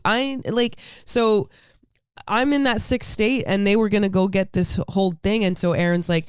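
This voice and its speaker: A woman's voice: medium pitch, fairly even intonation, moderate pace, clear, resonant tone, no echo. A woman co-hosting a podcast while sick, telling a story chattily with some swearing. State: sick with a cold. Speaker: podcast co-host. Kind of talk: casual storytelling chat.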